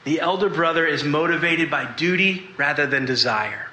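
A man preaching a sermon to a congregation, earnest and confessional, pausing to ask them questions. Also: fairly high pitch, bright, forceful tone, echoey room, low-quality recording.

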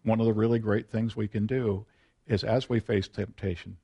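Male pastor, folksy and self-deprecating, animated storyteller in the pulpit. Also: lowish voice, moderate pace, vocal fry, slightly rough. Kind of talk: sermon with personal storytelling.

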